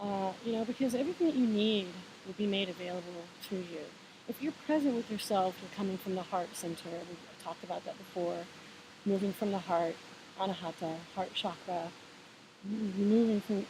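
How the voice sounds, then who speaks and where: A woman at home talks in a loose, unhurried monologue about spiritual balance, full of fillers and self-corrections. Her voice sits at a middling pitch. A clear, constant hiss runs under the whole recording. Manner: relaxed, meandering, encouraging, many fillers and restarts. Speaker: vlogger sharing spiritual advice. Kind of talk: casual reflective monologue.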